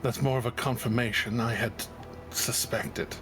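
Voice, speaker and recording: A man voicing a guarded, concerned woman adventurer in a tabletop game, speaking hesitantly in halting phrases. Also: mid-range voice, fairly even intonation, music in the background, lightly acted. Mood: weary.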